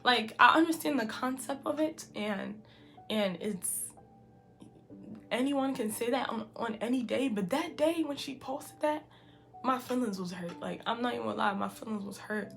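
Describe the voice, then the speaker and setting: A woman's voice: medium pitch, moderate pace, a bit bright. A woman in her early twenties telling a heartfelt personal story in a casual vlog, often saying "like" and sometimes dropping almost to a whisper. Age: early 20s. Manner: heartfelt and confiding, heavy use of "like". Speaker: vlogger.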